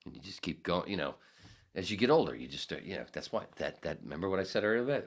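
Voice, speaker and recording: A man in his fifties hosts a podcast and launches into a casual rant, speaking fast in a low-pitched voice. He's profane, rambling, and animated, acting out voices along the way.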